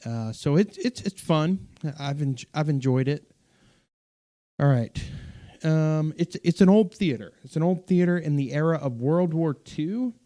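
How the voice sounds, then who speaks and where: A man with a mellow, relaxed tone talks casually on a live stream, reading viewer comments as he goes. His speech wanders, full of fillers and restarts, and he often corrects himself mid-sentence. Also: on the high side, a little slow. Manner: rambling, self-correcting, many fillers and restarts. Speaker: pastor and streamer hosting a live Q&A.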